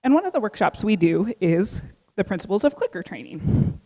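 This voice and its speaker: A woman guide dog trainer clearly explaining a training demonstration to an audience. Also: medium pitch, sing-song, normal speed, dark tone, in a large hall. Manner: clear and informative. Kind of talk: explanatory presentation.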